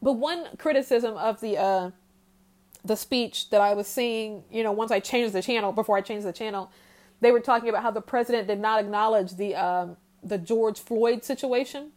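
Woman, podcast host, fired-up solo rant, fairly high voice. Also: darkish tone. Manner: heated, exasperated, talks straight without pausing.

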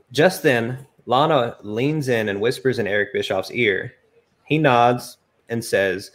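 A man reads a game's wrestling story aloud to friends in a loose, joking way. His voice sits at a medium male pitch. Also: animated, measured pace, a bit bright. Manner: reads game text aloud, laughing at himself. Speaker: narrator of a game playthrough. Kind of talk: casual narrated playthrough with friends.

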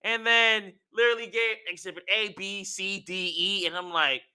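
Bright, high-voiced young man, excitable. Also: moderate pace, clean tone. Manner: animated, slangy, enthusiastic. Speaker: wrestling recap vlogger. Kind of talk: casual excited recap.

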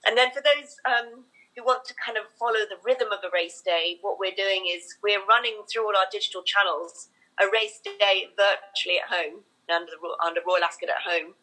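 Bright-voiced woman, eager interview guest. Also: mid-range voice, moderate pace, poor audio. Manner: enthusiastic, lists plans with many fillers. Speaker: racecourse marketing executive.

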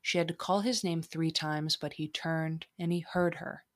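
Young woman, solo podcast host, slightly low voice, casual and self-deprecating, a touch tipsy. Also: steady tone, moderate pace. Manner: chatty, self-deprecating, leaves in her slips.

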